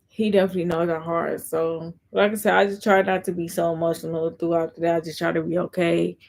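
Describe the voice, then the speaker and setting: Woman vlogger, gravelly fry in her voice, rambling live-stream chat full of fillers. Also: fairly low pitch. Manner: rambling and repetitive, heavy fillers.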